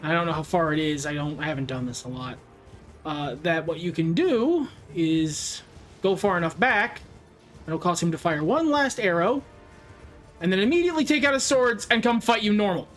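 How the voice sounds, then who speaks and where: A man's voice: high-pitched, expressive, moderate pace, a bit bright. A man playing a video game and chatting casually, blunt and swearing often. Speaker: player at the controls. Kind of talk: casual gameplay chat. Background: game music.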